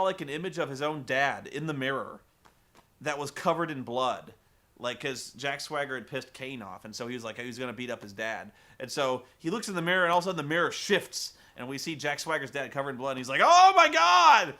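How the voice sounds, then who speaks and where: Animated, bright-voiced man recapping wrestling. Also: on the high side. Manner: animated, laughing, casual swearing. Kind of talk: casual comedic recap.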